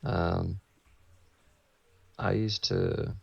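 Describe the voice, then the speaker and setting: A man's voice: low-pitched, fairly even intonation, very slow, vocal fry, slightly rough, no room sound, muffled recording. A man co-hosting a podcast in casual chat, joking and playing along with bits. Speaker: podcast co-host.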